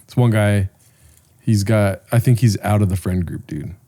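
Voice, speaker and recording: Man with a dark, crude storytelling voice. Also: on the low side, normal speed. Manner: loose storytelling with crude jokes. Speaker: podcast co-host. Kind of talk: casual podcast chat.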